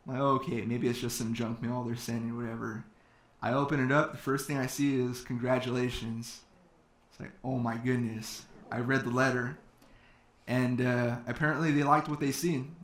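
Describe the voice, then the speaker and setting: A man's voice: medium pitch, fairly bright tone. A man telling a personal story to an audience, acting out quoted talk in his own voice, with fillers. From California. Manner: quoting others in his own voice, with many fillers. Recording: echoey hall.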